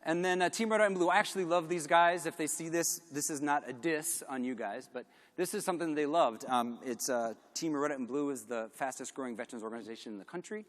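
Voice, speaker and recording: A middle-aged man giving a candid conference talk, animated and self-deprecating, with lots of fillers. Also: on the high side, fast talker, hardly any pauses. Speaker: conference speaker. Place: large conference hall. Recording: long hall reverb.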